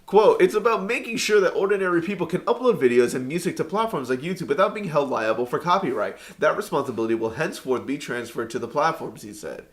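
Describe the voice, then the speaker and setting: A man's voice: on the high side, lively intonation, a little fast. A man co-hosting a podcast in a casual way, reading an article aloud with stumbles and frequent laughter. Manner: laughs often, reads with stumbles. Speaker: podcast co-host.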